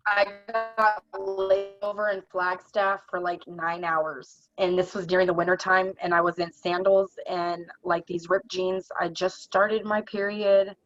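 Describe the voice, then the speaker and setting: A young adult woman telling her own story in conversation, in a halting, earnest way full of "like". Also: on the low side, level tone, no echo, soft background music. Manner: halting, earnest, heavy use of "like". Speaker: interview guest. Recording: dull, dry lo-fi recording.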